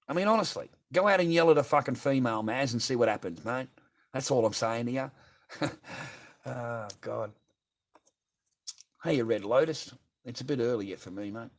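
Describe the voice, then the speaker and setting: An Australian man livestreaming, ranting bluntly and profanely as he reads viewer comments aloud and answers them. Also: mid-range voice. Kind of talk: ranting live stream chat.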